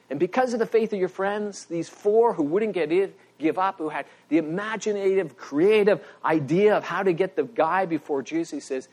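A middle-aged man preaching a sermon as pastor, telling stories with animated emphasis and a voice that rises when he makes a point. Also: high-pitched, normal speed, few pauses. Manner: animated storytelling, voice rising for emphasis.

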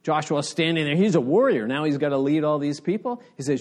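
A man's voice: on the high side, expressive, a little fast. A middle-aged man preaching a sermon in an earnest, conversational way with rising emphasis. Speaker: pastor.

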